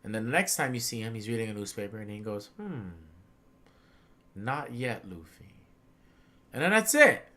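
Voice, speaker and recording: A young man chatting casually on a podcast, excitable and slangy, acting out characters' lines with big swings in his voice. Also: on the low side, fast, few pauses. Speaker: podcast co-host. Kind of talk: casual chat.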